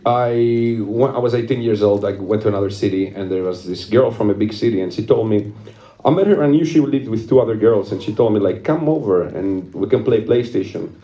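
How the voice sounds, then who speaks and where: A man's voice: fairly low pitch, fast talker, dark tone, roomy sound. A young man performing a stand-up comedy set, telling a rambling story, laughing at his own jokes and swearing casually.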